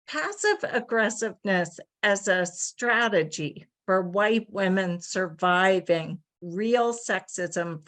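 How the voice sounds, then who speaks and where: A woman speaking as a panelist in a panel discussion, measured and reflective as she draws on her own experience. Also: medium pitch, fairly bright tone. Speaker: panelist and author.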